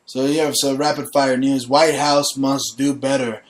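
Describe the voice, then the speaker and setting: A man's voice: medium pitch, flat delivery, measured pace, slight background noise. Brash, crude-talking male show host. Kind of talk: casual crude comedy chat.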